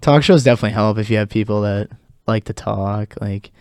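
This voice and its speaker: A man's voice: on the low side, brisk, clear, resonant tone, no echo. Young male co-host, easygoing, filler-heavy, dry studio sound. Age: young adult. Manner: relaxed, filler-heavy, laughs often. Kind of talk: casual chat. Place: college radio studio.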